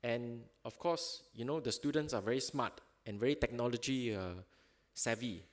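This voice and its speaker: A man's voice: mid-range voice, normal speed. A man speaking at a seminar in an auditorium, in loose, informal phrasing with fillers, ending his points with tag questions and chuckling at examples. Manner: chuckles while telling examples. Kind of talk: conference talk.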